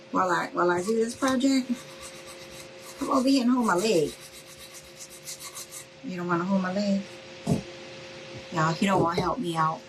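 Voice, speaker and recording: A woman's voice: a little high, a bit bright, a little hiss or hum, rough recording. A middle-aged woman, chatting casually and folksily to her viewers while she does a craft project at home. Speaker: craft video host. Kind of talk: casual livestream crafting chat.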